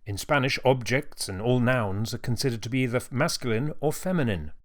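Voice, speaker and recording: A man teaching a beginner language lesson, modelling each word slowly and clearly for the learner to repeat. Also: mid-range voice, lively intonation.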